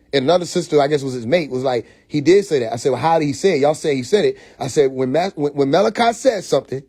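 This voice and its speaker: Fired-up man ranting on a livestream. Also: on the high side. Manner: animated storytelling with repeated restarts and acted quotes; profane, confrontational. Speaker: livestream host. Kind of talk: casual livestream monologue. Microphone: phone mic.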